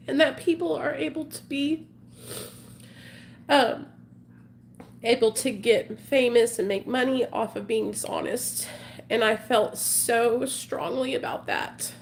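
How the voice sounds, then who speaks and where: A woman's voice: fairly high pitch, animated, measured pace, gravelly, slight background noise. A woman in her forties talking candidly to her viewers in an emotional, rambling confessional vlog. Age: 40s. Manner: emotional, earnest, rambling with fillers. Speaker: vlogger.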